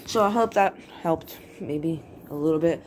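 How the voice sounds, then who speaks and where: A woman's voice: low voice, unhurried, darkish tone, slight background noise. A woman hosting a casual writing tutorial video, talking in a rambling, playful way and often correcting herself mid-word.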